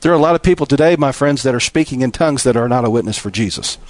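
A man preaching a sermon, building from steady teaching to impassioned, emphatic appeals. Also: medium pitch, very fast.

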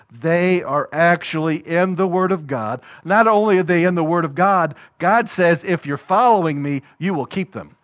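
Brief: male preacher, high voice, animated sermon delivery, acts out quoted voices.

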